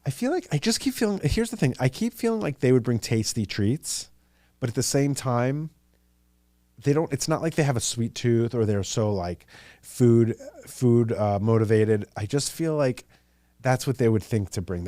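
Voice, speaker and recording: A man's voice: medium pitch, lively intonation, normal speed, mellow, dry recording, clean studio sound. Chatty gossipy man with a New York accent. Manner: chatty and gossipy, jumps between ideas, acts out quotes. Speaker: podcast host. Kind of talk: casual solo podcast chat.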